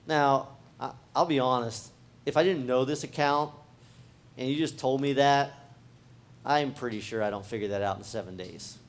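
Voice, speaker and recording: A man's voice: mid-range voice, normal speed. A man, a pastor, preaching a sermon in a casual, conversational way, talking straight to the congregation and often restarting his phrases. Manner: talks directly to the congregation.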